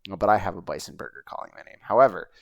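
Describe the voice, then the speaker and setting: A man's voice: low-pitched, expressive, fast talker, gravelly, no echo. A man hosting his own show, chatting casually over a video he plays, rambling and swearing now and then. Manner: rambling and chatty, with frequent fillers and profanity. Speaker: host.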